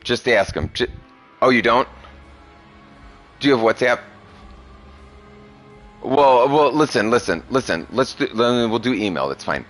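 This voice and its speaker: A man's voice: medium pitch, expressive, unhurried, pauses often, a bit bright, faint music behind. A young man streaming, chatting casually with a young viewer, crude and profane, rambling and laughing often. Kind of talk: casual chat.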